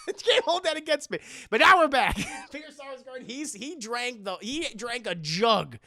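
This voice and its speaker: Profane, rowdy man with a gravelly voice. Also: sits high, a little slow, no echo. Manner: profane, animated, laughing storyteller. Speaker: streamer reviewing a movie. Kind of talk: casual comic recap. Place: streaming setup at home.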